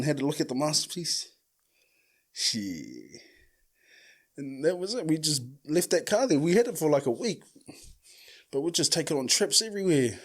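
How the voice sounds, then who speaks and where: A man with a New Zealand accent telling a story casually as a podcast host, full of slang and swearing, who acts out the quoted lines loudly. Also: fairly high pitch.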